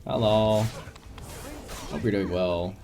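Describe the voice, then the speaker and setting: A young man chatting casually on a live gaming stream, soft-spoken and rambling, with frequent restarts and light laughs. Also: lowish voice, fairly even intonation, slow pace.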